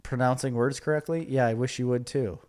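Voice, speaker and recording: A man's voice: mid-range voice, fairly even intonation, darkish tone. Bickering man co-hosting a podcast. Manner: argumentative, quick to laugh. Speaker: podcast co-host. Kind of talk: casual chat.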